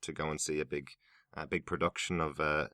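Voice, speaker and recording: Really deep-voiced guy co-hosting a movie podcast, earnest and explainy, close dry mic. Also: steady tone, fairly quick, pushed and bright, no echo. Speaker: podcast co-host. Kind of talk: casual film review chat.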